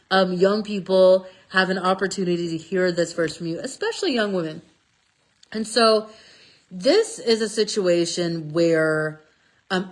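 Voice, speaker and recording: A woman telling a Bible story in a casual, lively way, often checking in with "okay?". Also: mid-range voice. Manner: lively, chatty, stresses words with "okay?". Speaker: speaker sharing a Bible passage. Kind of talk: casual storytelling talk about scripture.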